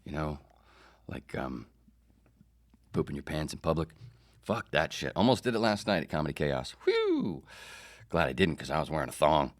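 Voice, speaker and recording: A man's voice: rumbling low, lively intonation, brisk. A man hosting his own comedy podcast, talking in a rambling, sarcastic, profane monologue. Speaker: podcast host.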